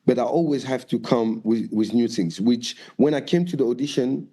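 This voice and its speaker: Mellow-voiced man telling lively stories. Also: mid-range voice, moderate pace. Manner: lively storyteller, acts out quoted voices, swears freely. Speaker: guest dancer and choreographer. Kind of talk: storytelling interview.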